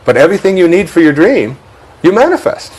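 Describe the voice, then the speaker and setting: A man's voice: high-pitched, big pitch swings, brisk, a little mellow, slightly rough, low-quality recording. A man with a Detroit accent, speaking as a guest in a reflective spiritual interview, musing aloud, chuckling often and repeating words as he thinks.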